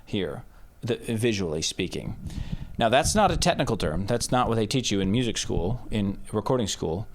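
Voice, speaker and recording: Speaking at a moderate pace with an expressive, lower-leaning voice, a producer teaches his vocal recording method one step at a time. Loud sung test shouts punctuate the casual demonstration. He uses a handheld dynamic mic about a foot away, and the room is a home studio dampened with curtains and rock wool.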